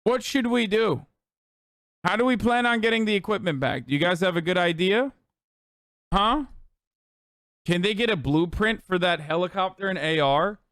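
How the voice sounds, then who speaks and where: A man's voice: sits high, fairly bright tone, dry recording, clean studio sound. A man streaming political commentary, swearing and sarcastic, ranting at speed. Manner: profane, sarcastic, fast rants.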